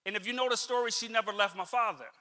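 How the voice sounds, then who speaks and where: A man's voice: high-pitched, rapid-fire, bright, forceful tone, in a large hall. A middle-aged man telling a personal story as a motivational speaker, earnest and conversational, repeating lines for emphasis.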